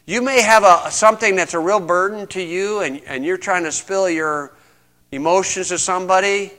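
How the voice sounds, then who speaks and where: A man preaching a conversational sermon, stressing points and reading scripture slowly. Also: high voice, sharp tone. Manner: conversational, emphatic, reads scripture aloud slowly.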